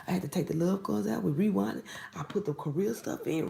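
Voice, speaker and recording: A woman's voice: medium pitch, fast talker, vocal fry. A woman giving a casual tarot reading to camera, blunt and exasperated, often dropping into whispered asides. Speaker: tarot reader.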